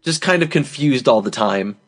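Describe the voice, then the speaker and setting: A man's voice: medium pitch, expressive, normal speed. A man hosting a comedy podcast, bantering and joking, sometimes switching into a mock-grand, solemn tone. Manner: jokey, slips into mock-grand solemn delivery. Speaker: podcast host.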